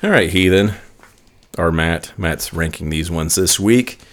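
A man's voice: deep voice, a little slow, fairly bright tone. A man co-hosting a casual podcast in a laid-back way, chuckling often as he leads the segments. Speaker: podcast co-host. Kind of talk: casual chat.

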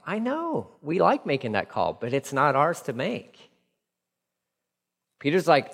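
A man preaching a sermon in a conversational, animated way, dropping into quick acted asides. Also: on the high side, long reverb tail. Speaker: pastor.

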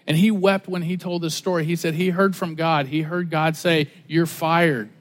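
A man preaching a sermon as pastor, telling stories in an animated way and acting out the dialogue. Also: on the high side, normal speed.

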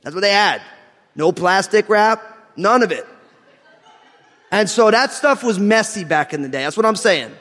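A man from New Jersey preaching a sermon, mixing scripture reading with animated, joking stories and laughing through his lines. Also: high voice, moderate pace, pauses often, long reverb tail. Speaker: pastor. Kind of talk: sermon with humorous storytelling.

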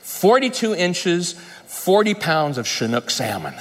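A man's voice: high-pitched, big pitch swings, moderate pace. Man preaching in a reverberant hall. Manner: storytelling with humor and laughter. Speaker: pastor. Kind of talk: sermon. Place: large conference hall.

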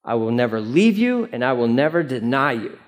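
A man's voice: mid-range voice, sing-song, fairly quick, close to an everyday voice. A pastor voicing a proud young fisherman who emphatically refuses, in nearly his own voice. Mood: defiant. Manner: emphatic and defiant.

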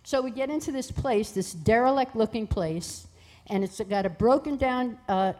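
Woman telling a lively personal story. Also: a little high, moderate pace. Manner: lively, acts out voices in quoted dialogue. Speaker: guest sharing a testimony.

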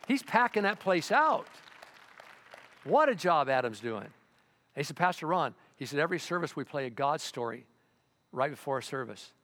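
An older man preaching a sermon as pastor, in a conversational way with sudden loud, excited bursts. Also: medium pitch, a little fast.

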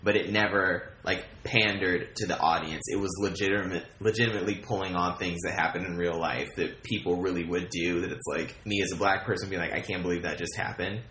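A young man with a low, bright, forceful voice, tossing out dry one-liners on a casual podcast. His voice rings in a roomy space, with faint noise underneath. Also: steady tone, a little fast, hardly any pauses. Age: young adult. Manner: dry wisecracks, earnest when reviewing. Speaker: podcast co-host. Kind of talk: casual chat.

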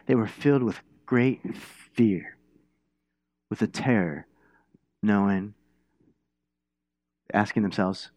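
A male pastor delivering a sermon in a relaxed, chatty style, pausing to ask his listeners questions. His voice sits at an ordinary middle pitch and sounds close and dry, with no room echo. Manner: conversational, asks the congregation questions, many restarts. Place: church.

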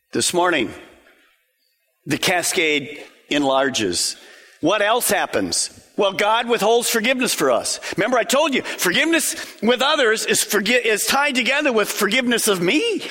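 A man's voice: sits high, sharp tone, long reverb tail. A male pastor preaching a sermon, emphatic and full of rhetorical questions and lists.

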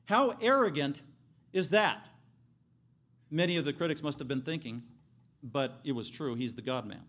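A man's voice: on the high side, fairly bright tone. A man preaching a sermon in an emphatic, rising and falling delivery. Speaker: pastor.

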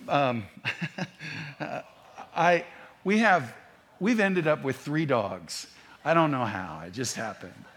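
A man's voice: on the high side, a bit bright. A man preaching a sermon, talking in a conversational way with asides and restarts. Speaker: pastor.

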